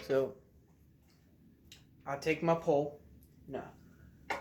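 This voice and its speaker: A young man with a slightly high voice tells a fishing story to the camera in a loose, laid-back drawl. He talks from his room at home and breaks into loud shouts as he acts out the story. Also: steady tone, unhurried, pauses often. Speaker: vlogger telling a fishing story.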